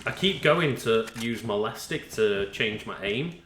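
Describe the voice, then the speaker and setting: A man playing along in a let's play, relaxed and hedging as he explains how he usually plays. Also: on the low side, unhurried, noisy background. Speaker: co-player. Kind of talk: casual gameplay commentary. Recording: echoey room.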